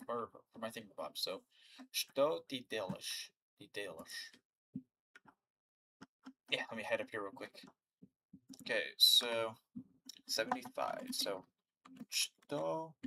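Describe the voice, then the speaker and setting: A young man recording himself learning, muttering and repeating words in a halting way. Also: medium pitch, bright, forceful tone, a little hiss or hum. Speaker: language learner. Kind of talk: casual self-recorded learning vlog.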